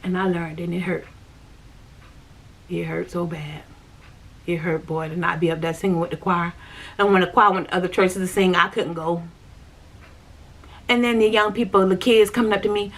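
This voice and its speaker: A woman's voice: mid-range voice, brisk, fairly bright tone. A woman vlogger telling her personal spiritual testimony in a conversational way. She speaks emphatically, repeats her points and talks straight to her viewers. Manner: emphatic, repetitive, conversational storytelling; addresses viewers directly.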